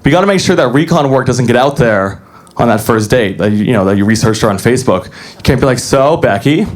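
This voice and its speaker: A young man doing a deadpan, self-deprecating stand-up comedy set on a club stage. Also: mid-range voice, quick pace.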